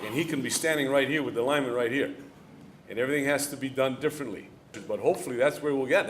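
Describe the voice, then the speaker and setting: Speaking at medium pitch over slight background noise, a middle-aged head football coach fields audience questions at a club luncheon. His delivery is plain with a coaching rhythm, driving points home by repeating key lines, in an event hall with a live audience.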